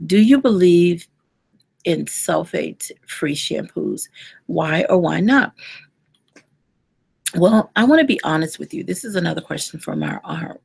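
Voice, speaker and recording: A woman's voice: on the low side, creaky, darkish tone, husky. A woman who works as a hair care specialist, giving earnest, conversational advice to listeners and often restarting her sentences. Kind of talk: casual advice talk to listeners.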